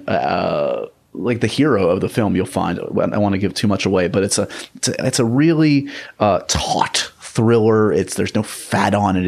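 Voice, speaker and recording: A man's voice: lowish voice, gravelly. A man hosting a podcast, chatting casually and rambling in a self-deprecating way. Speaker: podcast host.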